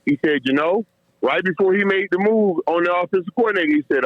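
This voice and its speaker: A middle-aged man with a somewhat high voice tells stories from his playing days, animated and repetitive, tripping over his words. The recording is muffled and lo-fi with a dead, dry sound. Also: quick pace, dry recording. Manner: animated, repeats and restarts words, laughs while telling stories. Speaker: guest, former football player. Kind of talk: emotional storytelling in a podcast interview.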